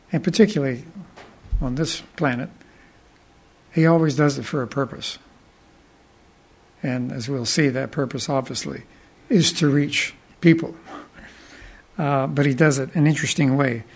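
A male preacher telling a Bible story in a sermon, speaking deliberately and pausing for musing asides. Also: mid-range voice. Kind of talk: sermon retelling Bible stories.

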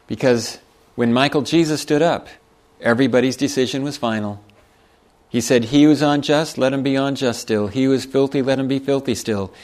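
A man delivering a sermon at a middle pitch, moving between steady scripture reading and relaxed, folksy explanation. He chuckles now and then as he makes his points. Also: fairly quick. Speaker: preacher.

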